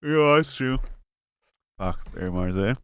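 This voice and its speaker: A man's voice: medium pitch, expressive, unhurried, clear, resonant tone, no room sound. A young man, co-hosting a podcast in casual chat, rambling and swearing with lots of fillers. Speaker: podcast co-host. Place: home studio.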